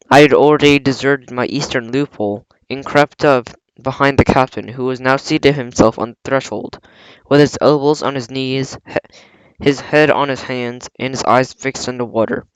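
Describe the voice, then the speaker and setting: A man reading a novel aloud in a plain, steady way, with small slips and some throat clearing. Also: medium pitch, dry recording, poor audio. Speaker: audiobook reader.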